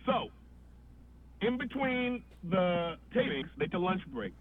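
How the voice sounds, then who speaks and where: Animated male storyteller on a tinny line. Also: high voice, slow. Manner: animated storyteller, acts out voices. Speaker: guest comedian. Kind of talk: storytelling on a podcast. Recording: tinny phone-like line with faint noise.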